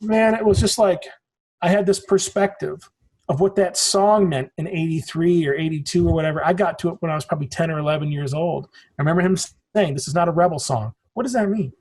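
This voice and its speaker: Husky high-voiced man in his forties. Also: fairly quick, darkish tone. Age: 40s. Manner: rambling storyteller, swears casually. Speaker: podcast guest. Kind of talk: casual podcast conversation.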